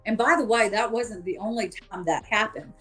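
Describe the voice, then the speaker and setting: A woman's voice: medium pitch, moderate pace, a bit bright, husky, soft background music. A woman on a podcast, telling of her field investigations in a chatty way, full of fillers and acted-out quotes. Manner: chatty, many fillers, acts out quoted voices. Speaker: paranormal investigator guest. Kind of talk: casual storytelling interview.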